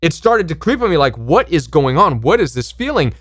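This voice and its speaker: A man's voice: a little high, sing-song, fairly quick, fairly bright tone, dry recording, clean studio sound. A man hosting a self-help channel, speaking in an impassioned, emphatic monologue and acting out pushy voices when he quotes people.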